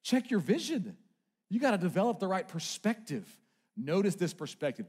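A pastor preaches a sermon emphatically, his brisk, slightly rough, sing-song voice swinging between loud, urgent peaks and quiet, low asides. He builds his message through repeated short phrases.

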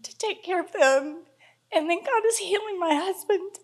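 A woman with a high voice gives her testimony in church. She is crying, and her words come out halting and emotional. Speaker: congregation member giving testimony.

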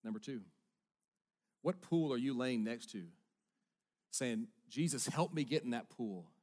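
An earnest middle-aged man preaches a sermon at an average pitch. He drops to near-whispered lines, then pushes hard on the points he stresses. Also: measured pace. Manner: earnest, swings from hushed to emphatic. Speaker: pastor.

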